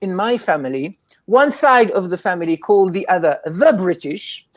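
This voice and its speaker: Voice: mid-range voice, expressive, normal speed, no room sound. A guest in a casual interview, telling rambling anecdotes and acting out the voices of people in the stories. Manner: acts out quoted voices.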